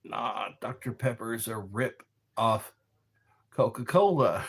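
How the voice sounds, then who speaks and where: A man hosting a rambling live stream, chatting slowly with viewers from a dark room lit by a candle. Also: medium pitch, big pitch swings, slightly rough. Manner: slow, meandering, talks to viewers. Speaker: livestream host.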